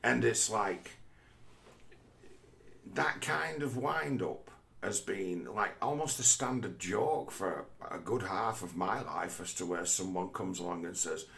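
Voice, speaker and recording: Low gravelly male vlogger, a rambling and profane talker who philosophizes on camera. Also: slow pace, bright, forceful tone. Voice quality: heavy swearing, restless restarts.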